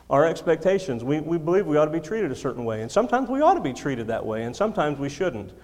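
A fairly high, slightly mellow male voice swings widely in pitch as the preacher talks fast, delivering an emphatic sermon with repeated key lines and self-deprecating humor. He speaks through a handheld or stand microphone in a church sanctuary with long hall reverb.

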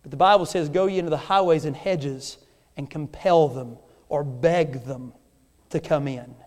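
A man's voice: fairly high pitch, moderate pace, darkish tone, in a large hall. A man who is a visiting missionary preaching a sermon, pressing his points with rhetorical questions.

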